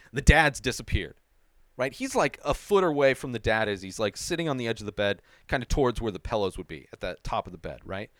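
A man hosting a movie review show, talking in an excitable, casual way, swearing freely and often asking "right?". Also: medium pitch, smooth, no echo, studio quality.

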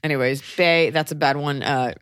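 Blunt, animated woman podcast co-host. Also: sits low, normal speed, no room sound, studio quality. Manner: blunt, animated, jokey, swears. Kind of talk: casual advice podcast chat.

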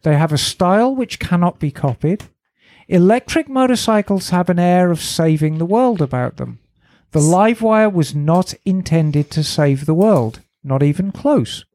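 A woman's voice: fairly low pitch, mellow, no echo. Dry-voiced woman reading an email aloud. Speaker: podcast co-host. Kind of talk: casual motorcycle podcast chat. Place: garage studio.

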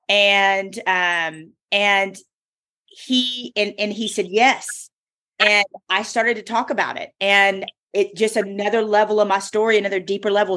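Podcast host, woman, medium pitch, emphatic storyteller. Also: fairly bright tone. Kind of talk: casual podcast chat.

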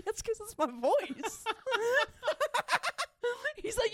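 A young woman with a high, very lively voice, chatting as a podcast co-host. She tells stories excitably and breaks into laughter often. The sound is dry and close. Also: unhurried, long pauses, dry recording. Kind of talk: casual chat.

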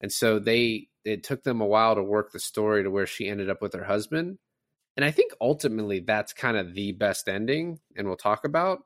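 A man's voice: on the low side, a little fast, dry recording, studio quality. A man co-hosting a podcast who chats casually about a film, retelling scenes with lots of fillers. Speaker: podcast co-host. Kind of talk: casual movie discussion.

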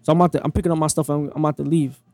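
A man's voice: fairly high pitch, little pitch movement, racing, darkish tone, no room sound. A young man telling a personal story in blunt, profane casual talk, acting out the dialogue as he goes.

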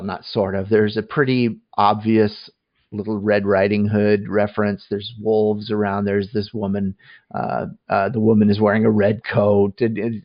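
A man's voice: lowish voice, dry recording, lo-fi sound. A man casually reviewing a movie on a podcast, talking in a rambling way with many restarts and fillers.

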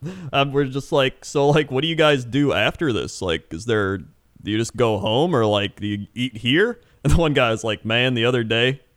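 A young man chatting casually and telling an animated story, acting out quotes and laughing often. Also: medium pitch, moderate pace, no room sound, clean studio sound. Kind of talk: casual chat.

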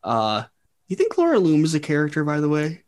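A man's voice: on the high side, wildly swooping pitch, fairly quick, darkish tone. Male podcast host, casual, filler-heavy, laughs at his own lines. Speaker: podcast host presenting the topic.

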